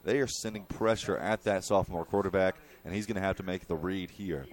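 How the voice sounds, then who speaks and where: A young man giving color commentary on a high school football game, explaining play calls like a coach. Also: steady tone, a little fast.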